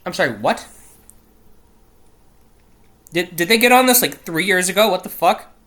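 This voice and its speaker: Profane, exasperated man with a bright voice. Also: high-pitched, lively intonation, moderate pace. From not British. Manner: profane, exasperated, self-interrupting; stumbles over place names. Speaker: show host. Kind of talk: casual solo commentary reading news quiz aloud.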